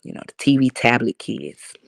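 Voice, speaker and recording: Her rumbling low voice has a sing-song lilt, vocal fry, and a moderate pace. She's a Harlem livestream host with a New York accent and some Southern drawl, reading chat comments bluntly and joking and laughing a lot on a casual stream. Phone mic, no room sound.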